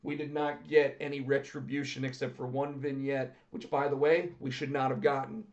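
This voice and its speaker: A man co-hosting a casual chat podcast, lively and animated, often acting out what others said in quick bursts. His voice sits in a middle range and sounds dull and lo-fi, recorded in a roomy, echoey space. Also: mid-range voice. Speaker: podcast co-host.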